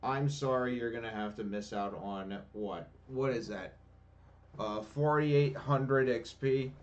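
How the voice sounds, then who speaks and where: A man's voice: mid-range voice, slow pace, far from the mic, highs cut off, a little hiss or hum. A man giving casual let's-play commentary, ranting and swearing sarcastically about the game. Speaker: gameplay commentator. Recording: voice a bit off-mic, faint game music.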